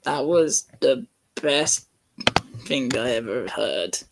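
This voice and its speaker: A man reads a script aloud slowly for laughs, with a gravelly edge and a lively, bouncing pitch. He jokes around and trips over words as he goes. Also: noisy background. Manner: jokey, laughs at his own reading, stumbles over words. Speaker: fan channel host reading a script. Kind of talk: casual comedic reading.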